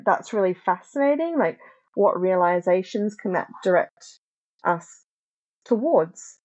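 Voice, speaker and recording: A woman speaking as a podcast guest, reflective and thoughtful, often pausing to search for the right words. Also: mid-range voice, expressive, a little mellow. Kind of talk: reflective conversational discussion. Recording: dull lo-fi sound.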